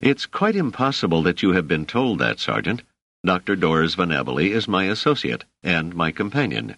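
A man's voice: deep voice, very animated, normal speed, a bit bright, dry recording, exaggerated voice. A man voicing an indignant, stubborn male scholar who talks in a clipped way. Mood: angry.

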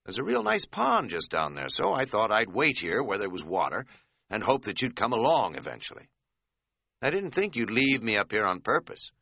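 A man's voice: fairly low pitch, wildly swooping pitch, moderate pace, vocal fry, pushed and bright, no room sound, clean studio sound, exaggerated voice. A man voicing a scatterbrained middle-aged hiking buddy who talks in a folksy, rambling, self-mocking way. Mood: rambling sheepish. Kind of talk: audiobook character voice.

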